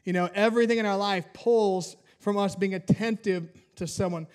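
Male pastor, high voice, humorous storytelling sermon, acts out dialogue. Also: steady tone, moderate pace, smooth.

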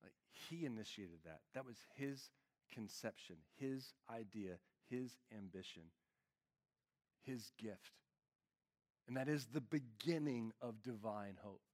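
A man's voice: lowish voice, takes it slowly, darkish tone. Casual, earnest male pastor preaching. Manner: casual, earnest, filler-heavy with frequent "like". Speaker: lead pastor. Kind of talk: conversational sermon.

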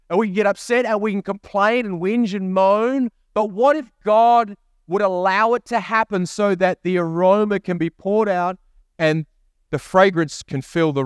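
A man's voice: high-pitched, smooth, no room sound, studio quality. A man preaching a sermon as a pastor, repeating key phrases and asking rising questions. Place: church.

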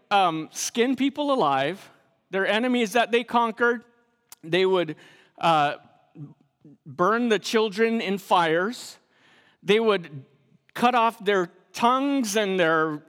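A very high-pitched man delivers a joking sermon at an unhurried pace, stumbling over restarts and then falling to a hush for effect. His voice rings with a long reverb, as if he's in a large hall. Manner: storytelling with frequent restarts and sudden quiet, dramatic drops. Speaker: pastor. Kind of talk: humorous sermon.

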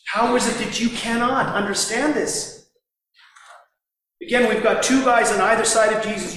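High-voiced preacher in an echoing hall. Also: male voice, fairly bright tone, a little hiss or hum. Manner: acts out the mockers' voices with sarcasm. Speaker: pastor. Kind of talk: sermon. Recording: distant mic in a reverberant hall.

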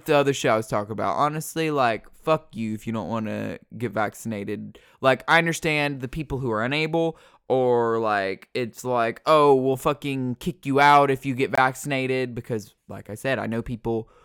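Smooth-voiced man ranting casually. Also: medium pitch, fairly bright tone. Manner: rambling, profane and sarcastic, trailing off into fillers. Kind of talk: casual unscripted rant.

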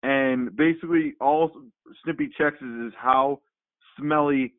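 A man co-hosting a podcast, retelling a comic in a rambling, animated way with many fillers. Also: mid-range voice, a little slow, no echo. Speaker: podcast co-host. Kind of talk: casual chat. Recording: phone-like, dry sound.

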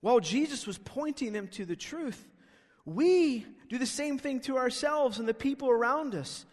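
High-voiced pastor preaching in a hall. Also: male voice, expressive, moderate pace. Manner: emphatic, rhetorical questioning. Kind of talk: sermon. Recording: long reverb of a hall.

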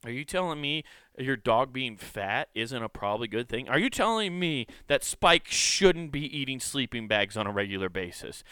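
A man's voice: medium pitch, big pitch swings, moderate pace, sharp tone, smooth, no room sound, studio quality. Sarcastic swearing male comedic ranter. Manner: sarcastic, rambling, swears a lot. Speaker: comedic commentator. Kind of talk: profane comedic rant.

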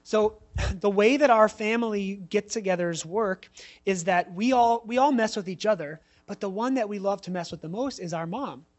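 A man's voice: high voice, normal speed. Guy in his 30s giving a sermon, laid back and storytelling, lots of asides. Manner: conversational, personal storytelling with frequent asides. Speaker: pastor.

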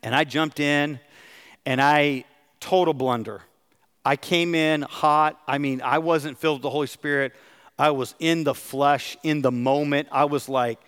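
A man's voice: a little high, fairly even intonation, measured pace, a bit bright, clean tone. A middle-aged man, a pastor, preaching a sermon and asking his congregation questions. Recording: long hall reverb.

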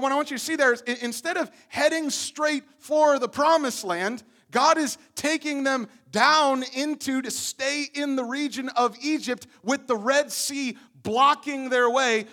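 A man's voice: very high voice, bright, forceful tone. A man preaching a sermon, telling the story with energy and often repeating his words as he goes. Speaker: pastor.

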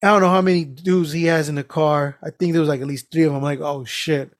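A man on a casual podcast, telling animated stories with lots of swearing and laughter. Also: a little high, quick pace, no room sound, clean studio sound. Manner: animated storytelling, heavy swearing, frequent laughs. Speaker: podcast co-host.

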